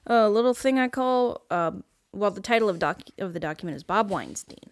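A woman's voice: medium pitch, expressive, brisk, no echo. A woman co-hosting a comedy podcast, teasing her guests with a guessing game over a video call. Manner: teasing, playful quiz-giver. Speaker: podcast co-host running the segment.

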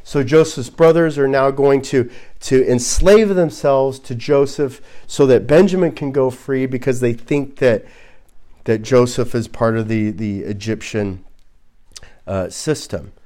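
A man preaching an expository sermon as a pastor, halting and repeating words as he works through his points, and posing rhetorical questions. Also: medium pitch, warm tone. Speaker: pastor teaching a Bible series.

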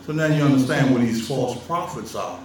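A man's voice: mid-range voice, lively intonation, brisk, darkish tone, slight background noise. A man talking straight to his viewers in a casual monologue, emphatic and teasing, laughing often. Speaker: vlogger lecturing on religion. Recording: roomy sound from a distant mic with faint ambience.

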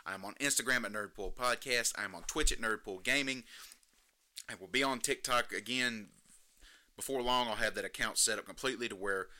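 A man hosting a solo podcast, ranting in disbelief and climbing to near-shouts as he gets worked up. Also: on the low side, fairly quick. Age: adult, jokes he may be too old for social media. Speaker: podcast host.

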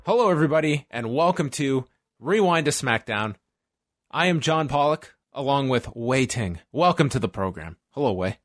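A man hosting a podcast, chatting in a dry, deadpan way. His voice sits in the middle of the range and sounds close and dry, without any room echo. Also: medium pitch, moderate pace, faint music behind. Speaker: podcast host. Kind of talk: casual chat.

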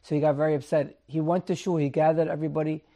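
A man's voice: on the high side, flat delivery, fast talker, dark tone. A man, a rabbi and lecturer, telling a sermon story with earnest, sometimes indignant emphasis.

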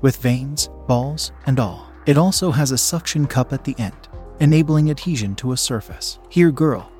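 A man calmly narrating a first-person story in an even reading voice, at times hushed. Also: mid-range voice, normal speed, faint music behind.

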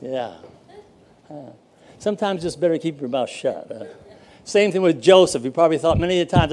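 An older male pastor preaching a sermon in a folksy storytelling way, full of pauses. His voice sits a touch high for a man, with a mellow, warm tone. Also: expressive.

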